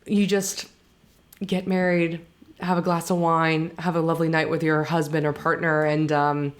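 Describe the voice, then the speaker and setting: Deep-voiced woman, reflective. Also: flat delivery. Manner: reflective, halting, with many restarts. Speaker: podcast co-host. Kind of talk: candid personal conversation.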